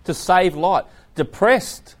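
A man giving an animated, story-driven Bible talk to young people, often breaking into loud exclamations. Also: sits high, takes it slowly. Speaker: Bible class speaker.

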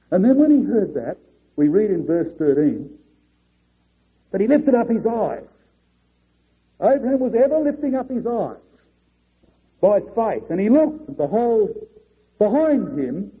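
A man preaching a sermon earnestly, swinging between raised and hushed delivery. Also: high voice, breathy edge. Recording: muffled lo-fi recording.

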